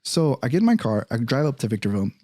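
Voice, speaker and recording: A young man in casual podcast talk, telling a personal story in a profane, animated way and acting out the other people's lines. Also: medium pitch, racing, no room sound, studio quality. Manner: profane, animated, acts out quoted voices.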